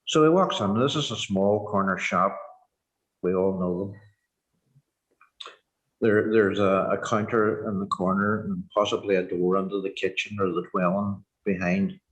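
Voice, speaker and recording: A man in his sixties with a Northern Irish accent, telling his personal story in a halting, earnest way, full of "you know" fillers. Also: sits low, steady tone, low-quality recording. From Northern Ireland. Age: 60s. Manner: reflective and earnest. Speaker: former prisoner sharing his story. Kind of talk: personal testimony.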